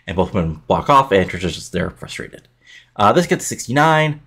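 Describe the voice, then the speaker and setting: A man's voice: low-pitched, very animated, moderate pace, vocal fry, a bit bright, breathy edge. A man casually narrating his wrestling booking game, rambling with lots of filler words. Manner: rambling, many fillers like "you know".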